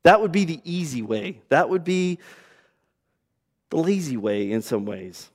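Man, pastor, sermon, high voice, swings from loud to hushed, hall reverb. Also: unhurried. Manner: animated preaching, swinging from loud emphasis to hushed low lines.

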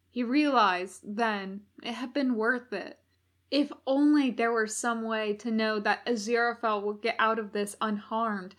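A woman reading fan fiction aloud as an audiobook narrator, in a measured, even delivery. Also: medium pitch. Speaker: podfic reader.

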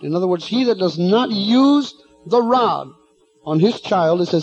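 A man's voice: sits high, expressive, a little slow, breathy edge, lo-fi sound, soft background music. A man preaching a sermon, often restarting and filling with "uh". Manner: preaching with many restarts and fillers, acting out quoted voices.

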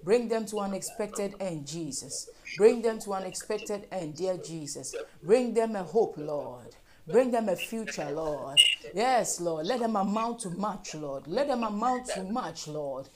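A woman's voice: mid-range voice, animated, measured pace, a crowd in the background. A woman leading fervent group prayer, repeating petitions and breaking into speaking in tongues. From Africa. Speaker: prayer leader.

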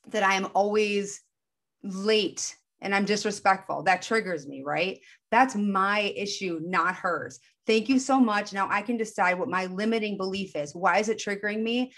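A woman talking in an earnest, casual way about spiritual self-help, often acting out the voices inside her head with quick shifts in tone. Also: mid-range voice.

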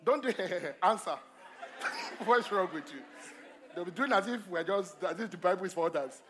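Guy preaching in church, voice sits high, gets loud then drops soft, keeps asking the crowd stuff. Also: fairly quick, soft background music. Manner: emphatic, swings between loud exhortation and quiet asides; repeats phrases and asks the congregation questions. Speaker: pastor. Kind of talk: sermon. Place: church service.

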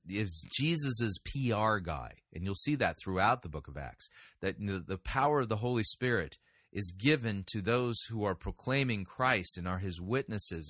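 A man's voice: on the low side, a bit bright, no room sound, studio quality. A man hosting a show of sermon reviews, talking in a firm, corrective, argumentative way. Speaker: podcast host reviewing sermons. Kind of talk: critical commentary.

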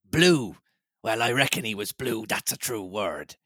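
A man voicing a superstitious male pirate in a read-aloud storybook, speaking low and muttering. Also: expressive, measured pace, bright, forceful tone, slightly rough, no room sound, clean studio sound, heavily acted. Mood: grim.

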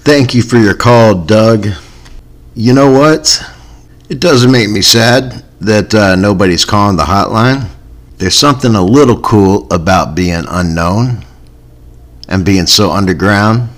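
Man, podcast host, low voice, unhurried, dry and laid-back. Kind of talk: casual comedy podcast chat.

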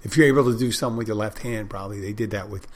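A man with a fairly low voice talks to his listeners in a loose, unscripted monologue. He wanders from point to point, restarts sentences and corrects himself, and sometimes loses his train of thought. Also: racing. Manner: meandering, self-correcting, loses his thread. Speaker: podcast host. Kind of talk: casual rambling monologue.

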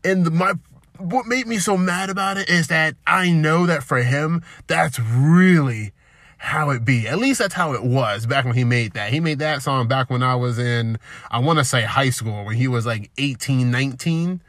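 A man's voice: mid-range voice, moderate pace, a bit bright, no room sound, clean studio sound. Self-deprecating man rambling. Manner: self-deprecating, loose, digressive. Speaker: podcast host. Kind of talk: rambling solo podcast monologue.

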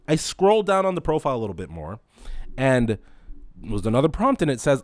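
A young man hosting a casual podcast, ranting comedically with profanity, swinging from loud exclamations to low mutters. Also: very animated, brisk, no echo. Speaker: podcast host.

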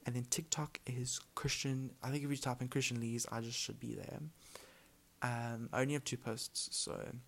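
Young guy podcasting solo, rambly and mumbly, lots of likes and ums, mid pitched. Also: steady tone, normal speed, vocal fry. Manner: rambling, chatty, lots of filler words; mumbles words together. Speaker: podcast host. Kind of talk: casual solo podcast chat.

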